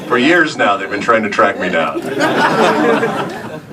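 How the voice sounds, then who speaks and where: Man, deep voice, rambling chuckling storyteller, convention panel, far from the mic, noisy room. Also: very animated, a little fast, over a noisy crowd. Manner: rambling, chuckling raconteur with many restarts. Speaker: voice actor guest on a convention panel. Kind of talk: storytelling to a live audience.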